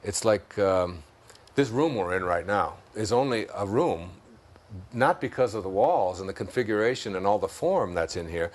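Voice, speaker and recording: A man with a Detroit accent, a guest in an interview, speaking in an unhurried, musing way and chuckling at his own jokes. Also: lowish voice, expressive. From Detroit, United States. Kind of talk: reflective interview talk.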